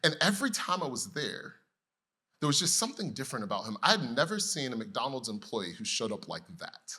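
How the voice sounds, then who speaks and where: A man preaching a sermon with a strikingly bright, forward tone at an everyday middle pitch. He talks conversationally, weaving humorous personal stories into the teaching. He keeps throwing questions at his listeners. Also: big pitch swings, a little fast, slightly rough. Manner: storytelling with humor. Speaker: pastor.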